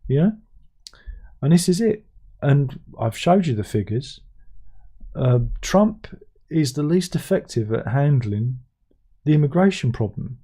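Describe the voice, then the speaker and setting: Sardonic, rambling man with dark tone. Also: mid-range voice, slightly rough. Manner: rambling, sardonic, frequent restarts. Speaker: livestream host. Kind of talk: casual livestream chat.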